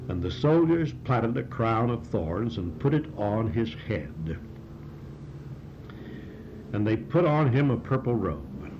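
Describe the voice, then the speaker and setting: A man in the pulpit retells a scripture passage verse by verse, stopping to press a point with sudden emphasis. The recording is dull and lo-fi, with a faint hiss and a low rumble underneath. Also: a little mellow. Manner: retells and reads scripture with comments and rising emphasis. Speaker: preacher. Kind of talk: expository sermon on a scripture passage.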